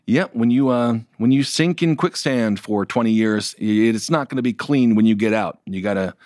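A man's voice: medium pitch, normal speed, dry recording, clean studio sound. A man co-hosting a political news show, giving casual, sardonic commentary with frequent jokes. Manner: sardonic, animated, laughs often.

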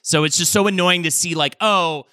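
A man co-hosting a podcast in casual chat, excitable, slangy and profane. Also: high-pitched, moderate pace, clean tone, no echo, studio quality. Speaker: podcast co-host.

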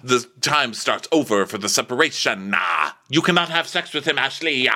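Bright, lively man recapping. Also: medium pitch, normal speed. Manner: animated, profane, jokey. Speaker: podcast co-host. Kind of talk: casual recap chat.

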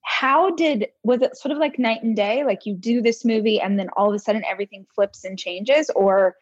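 A woman's voice: mid-range voice, brisk, dry recording. Woman podcast host, dry dull sound. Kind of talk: casual interview.

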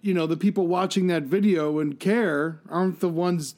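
Man, young adult, casual podcast host, animated storyteller, acts out quotes, slightly high voice. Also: moderate pace.

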